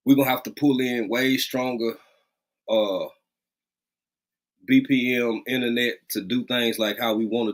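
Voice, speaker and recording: Animated man hosting a livestream. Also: medium pitch. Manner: animated, greets viewers by name, drawls and repeats phrases. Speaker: livestream host. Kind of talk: casual livestream chat with viewers. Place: rural home.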